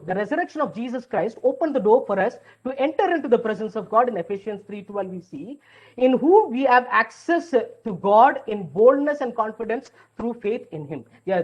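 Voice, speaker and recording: Woman giving a sermon, earnest, keeps saying yes, mid pitch, muffled lo-fi audio. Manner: earnest, affirms points with repeated "yes". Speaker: preacher.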